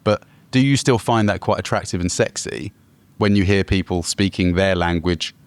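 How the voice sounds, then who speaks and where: An Englishman co-hosting a podcast in relaxed banter, his voice sitting low. He teases his co-partner playfully, and the recording is dry and close, with no room sound. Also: normal speed, clean tone, no echo. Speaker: podcast co-host. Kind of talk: casual chat.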